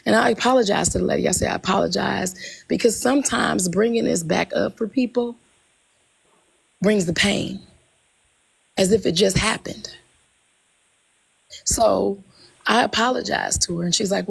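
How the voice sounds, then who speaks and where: A woman telling a personal story in casual conversation, animated, often repeating herself and acting out what people said. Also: medium pitch, normal speed, creaky, long pauses, husky, poor audio. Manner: animated, retells dialogue in quotes, repeats herself. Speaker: guest telling her story.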